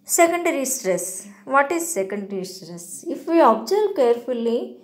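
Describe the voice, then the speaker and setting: A woman teaching English word stress from slides, explaining slowly and deliberately with frequent hesitations. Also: high voice, sing-song. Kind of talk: slide-based grammar lesson.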